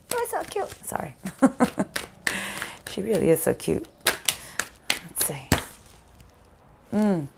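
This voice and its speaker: A woman's voice: medium pitch, a little hiss or hum. A woman giving a casual live spiritual tarot reading in her morning voice, chatty and laughing often. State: morning voice, needs warming up. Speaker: spiritual reader. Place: sunny room at home.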